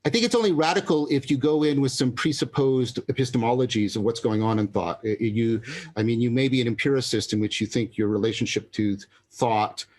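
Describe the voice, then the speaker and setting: A man as a podcast guest, explaining ideas in a halting, lecturing way, often restarting to search for words. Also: mid-range voice, a little mellow. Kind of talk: intellectual conversation.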